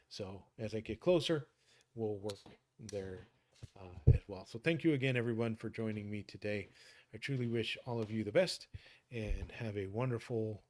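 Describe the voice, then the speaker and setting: A man's voice: lowish voice, unhurried, a little mellow. A middle-aged man signing off his game stream in a casual, upbeat way, rambling with many fillers and restarts.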